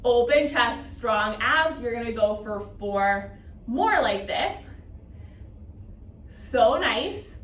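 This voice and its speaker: A high, bright-voiced woman leads a Pilates class, counting down reps and cueing each breath with encouragement. She is heard from a distance in a roomy space, with a faint hiss of noise behind her. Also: animated, slow, long pauses. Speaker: Pilates instructor. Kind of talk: guided exercise class cueing.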